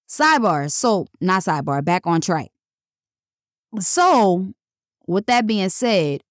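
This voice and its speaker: A woman's voice: medium pitch, no echo, clean studio sound. A woman hosting a casual podcast monologue, talking bluntly and emphatically with plenty of swearing. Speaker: podcast host.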